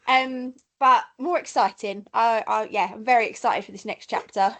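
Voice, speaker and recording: A woman's voice: on the high side, fairly even intonation, moderate pace, fairly bright tone. A woman in her thirties with an Essex accent, co-hosting a podcast in chatty, bubbly conversation full of laughs. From Essex, England. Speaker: podcast co-host. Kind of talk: casual chat.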